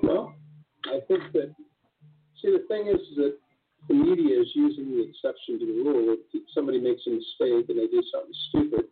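A man's voice: mid-range voice, sing-song, brisk, husky. A man speaking earnestly in casual conversation, often restarting his sentences. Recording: tinny phone-like line.

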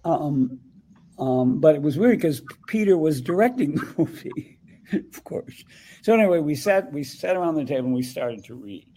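An older man, a guest actor in a conversational interview, tells a story in a rambling, halting way with many restarts. His voice sits on the high side, animated and warm with a breathy edge, and the recording is low quality.

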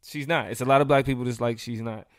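A man's voice: mid-range voice, fairly even intonation, fast talker, no room sound, studio quality. A man co-hosting a live talk show, talking loosely and animatedly with many fillers. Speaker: podcast co-host. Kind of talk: casual live-show discussion.

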